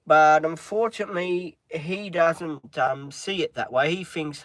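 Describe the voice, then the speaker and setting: Middle-aged man, casual live-streamer, rambling and full of ums, slightly high pitch, dry close sound. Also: a little slow, hardly any pauses, a bit bright, no room sound. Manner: rambling, with many filler ums; breaks off to talk to his dog. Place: inside a van.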